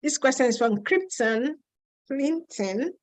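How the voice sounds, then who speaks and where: A woman's voice: high voice, lively intonation, slow pace, no echo, rough recording. A woman with a Nigerian accent hosting a casual live stream, reading out viewer questions and answering them frankly, with some teasing.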